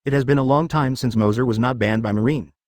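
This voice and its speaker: A man's voice: medium pitch, fast, a little mellow, no echo, clean studio sound, natural voice. A man voicing an arrogant, domineering young man who talks impatiently and dismissively in a plain reading voice.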